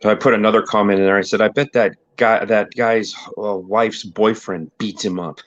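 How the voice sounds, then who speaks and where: A man's voice: on the low side, steady tone, moderate pace, no echo. A man hosting a casual podcast chat, telling anecdotes and mimicking the people in them. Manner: storyteller who mimics people in his anecdotes. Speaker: host. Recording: dull lo-fi dry sound.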